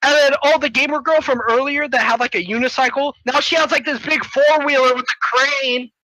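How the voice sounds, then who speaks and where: A young man casually recapping a movie plot with a friend, in a loose, jokey way full of "like" fillers and quick impressions. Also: extremely high pitch, fairly even intonation, bright, forceful tone, dry recording, poor audio. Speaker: co-host summarizing a movie.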